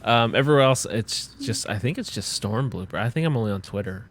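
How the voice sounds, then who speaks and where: A man's voice: medium pitch, animated, a little fast, slight background noise. A man chatting as a guest on a live stream, joking and trailing off into mumbles. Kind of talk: casual chat on a live stream.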